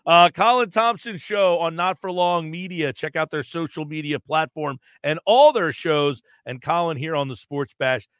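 A male sports radio host talks casually and lays out long questions for his guest. His voice sits a bit high, and the room sounds dry and close. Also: normal speed, few pauses, a bit bright, clean tone, no echo. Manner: conversational, poses long questions.

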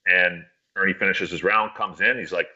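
A man's voice: low voice, steady tone, normal speed, sharp tone, lo-fi sound. A man casually telling a long, profane, rambling story on a podcast.

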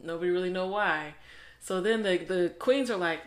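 A woman's voice: lowish voice, normal speed. A woman co-hosting a book review podcast, retelling the plot in casual chat and acting out the characters' lines.

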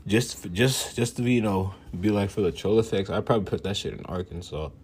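A man's voice: lowish voice, brisk, darkish tone, husky. A man ranting casually for laughs, boastful and profane, laughing often. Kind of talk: casual comedic rant.

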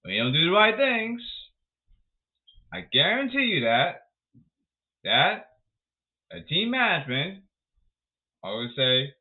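A man rants about the game in a sarcastic, emphatic way, his voice swinging widely up and down. He talks slowly and a little high, and the sound is thin and tinny, like a phone line. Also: sing-song. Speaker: baseball commentator. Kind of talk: sarcastic baseball rant.

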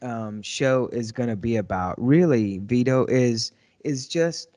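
A man co-hosting a casual talk show, reacting briefly and speaking in halting restarts. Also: medium pitch, darkish tone, no echo, studio quality. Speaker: co-host. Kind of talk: casual chat.

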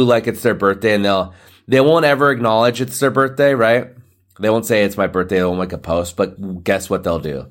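A man in his thirties hosting a solo podcast, rambling loosely with lots of filler words and a rough morning voice. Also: on the low side. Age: 30s. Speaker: podcast host. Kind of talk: casual solo podcast rant.

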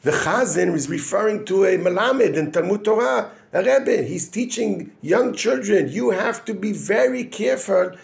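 A man, a yeshiva rabbi, giving an informal weekly Torah lesson, halting and full of restarts, mixing Hebrew terms into his English and answering his own questions. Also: sits high, expressive, creaky. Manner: halting, with frequent restarts and fillers.

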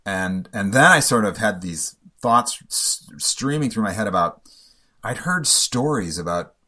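A man telling a personal story in a halting, emotional way, often stumbling and repeating himself. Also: lowish voice, lively intonation, bright, forceful tone.

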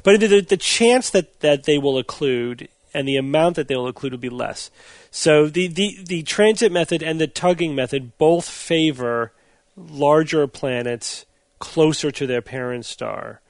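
Man, slightly higher voice, measured explanation, dry recording. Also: no room sound. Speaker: podcast host. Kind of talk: casual science chat.

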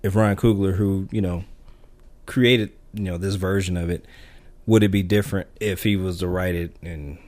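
A podcast co-host with a low, steady, slightly mellow voice chats casually about filmmaking at a normal speed, rambling with lots of restarts and filler words.

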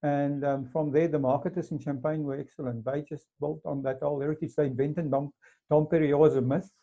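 A man's voice: fairly high pitch, level tone, brisk, vocal fry, dark tone. A man interviewing a guest, explaining history at length with many fillers. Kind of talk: casual interview chat. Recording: dull lo-fi sound.

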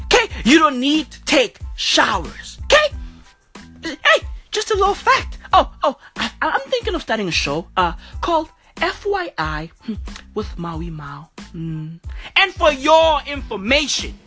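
Lively husky profane woman ranting. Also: high-pitched, a little slow, faint music behind. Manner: profane, repeating bruv and okay. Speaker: comedian vlogger. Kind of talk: profane comic rant.

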